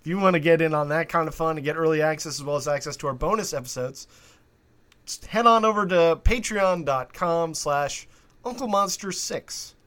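Bright, high-voiced joking man. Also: normal speed. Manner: playful, deadpan jokester. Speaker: co-host. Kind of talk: casual comedic podcast banter.

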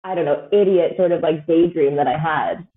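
A woman's voice: deep voice, fairly even intonation, normal speed. A Canadian woman in her thirties, a podcast guest chatting casually in a rambling way, with plenty of fillers and frequent laughter. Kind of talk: casual chat. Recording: tinny phone-like line.

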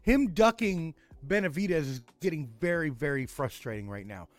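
A man's voice: fairly high pitch, expressive, moderate pace, no room sound. A man co-hosting casual sports talk, an eager fan who asks questions and voices his frustration.

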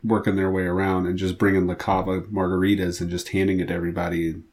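A man co-hosting a casual podcast, tossing out deadpan, absurd joke ideas. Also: sits low, quick pace, slight background noise. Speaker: podcast co-host. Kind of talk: casual chat.

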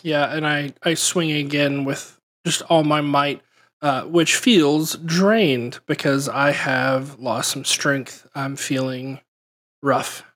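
A tabletop game player who talks slowly and hesitantly, thinking aloud about each move. The pitch is ordinary and middle-range. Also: a bit bright.

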